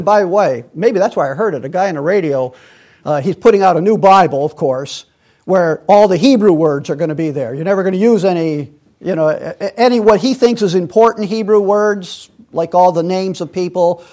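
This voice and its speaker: High-pitched guy teaching bible study, wanders off topic, lots of uh and and. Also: darkish tone. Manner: digressive, many restarts and fillers. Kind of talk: rambling Bible study talk.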